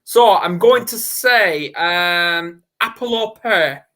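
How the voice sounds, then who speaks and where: A man's voice: high voice, expressive, slow, bright, forceful tone. A man with a Northern English accent hosting a live online interview in a chatty, upbeat, casual way over a video call. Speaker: host. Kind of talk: live online interview, quick-fire questions.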